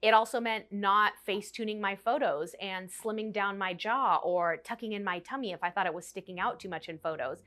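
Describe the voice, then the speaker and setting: A woman's voice: medium pitch, a little fast, few pauses, fairly bright tone. A young woman in her twenties talking candidly and emotionally to camera in a personal vlog, often quoting her own past thoughts aloud. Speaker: vlogger. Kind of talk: personal confessional chat to camera.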